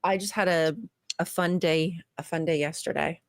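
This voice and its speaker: A woman who is a guest on a talk show, telling a story in an animated, exasperated way with frequent laughs. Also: low-pitched, normal speed, dry recording. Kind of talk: casual chat.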